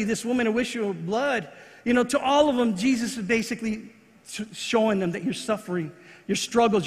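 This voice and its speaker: A man's voice: high voice, fairly bright tone, big-room sound. A man preaching a sermon as pastor, earnest, with repeated phrases and restarts. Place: church.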